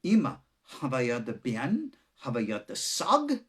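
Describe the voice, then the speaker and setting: A man's voice: medium pitch, wildly swooping pitch, slow, fairly bright tone. A man with a Long Island New York accent, a rabbi giving an unscripted, joking teaching with dramatic turns. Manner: joking, dramatic, breaks into laughter.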